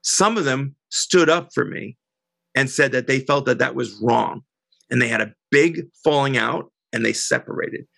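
Gravelly bright-voiced woman telling a story. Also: very deep voice, normal speed, no echo. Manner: animated, indignant, quotes others. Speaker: guest. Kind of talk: casual interview storytelling.

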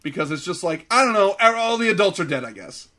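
A man co-hosting a casual podcast about films. His voice sits a little high. He talks in an animated, profane way and mocks what he dislikes. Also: brisk. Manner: animated, profane, mocking impressions. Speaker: podcast co-host. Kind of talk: casual film review chat.

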